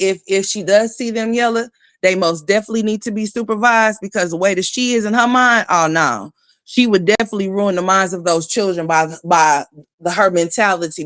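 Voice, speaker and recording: A woman's voice: medium pitch, a bit bright. A woman hosting a livestream, delivering a blunt, scornful, profane commentary rant and greeting chat viewers by name as she goes. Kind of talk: ranting gossip commentary.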